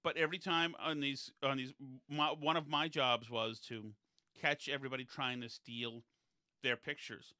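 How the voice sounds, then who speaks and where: A man with a bright, forceful voice tells loose, wandering stories in a relaxed podcast chat. He is recorded close and dry, with no room sound. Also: medium pitch, moderate pace, dry recording. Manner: digressive, chatty anecdote-telling.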